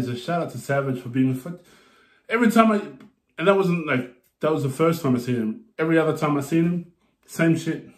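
Laid-back, swearing man in an echoey room. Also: fairly high pitch. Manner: profane, laid-back, rambling. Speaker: music video reactor. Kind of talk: casual reaction chat and storytelling.

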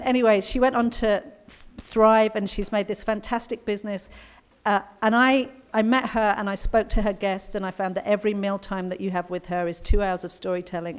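Brief: middle-aged English author, chatty and anecdotal, medium pitch, speaking at a conference luncheon. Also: female voice, clean tone. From England.

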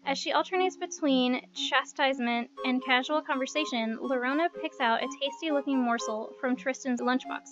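A woman narrating a visual novel aloud, expressive, with playful asides. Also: sits high. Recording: dull lo-fi recording with music.

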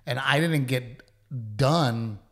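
A man, co-hosting a casual podcast with his wife and telling animated stories, acting out quotes and swearing freely. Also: mid-range voice, slow. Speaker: podcast co-host.

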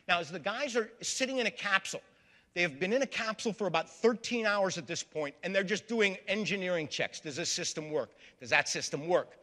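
A man's voice: high-pitched, animated, a little fast, pushed and bright. A man giving a public history lecture to a live audience, storytelling and calling them folks. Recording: long reverb of a large hall.

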